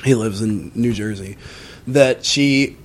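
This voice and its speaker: A man, a musician guest on a podcast, telling a story in casual chat, swearing freely and using lots of fillers. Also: slow pace. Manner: animated, swears often, many fillers; acts out quoted voices in a higher pitch.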